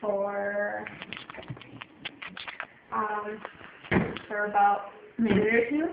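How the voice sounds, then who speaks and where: A teenage girl speaking quietly and nervously in a casual phone video. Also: mid-range voice, little pitch movement, extremely slow, heavy background noise. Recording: tinny, echoey phone audio from a distance.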